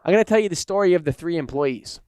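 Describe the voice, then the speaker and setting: Smooth-voiced man telling a story. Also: a little high, quick pace, no room sound. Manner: animated storyteller, acts out anecdotes. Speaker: podcast co-host. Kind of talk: casual chat.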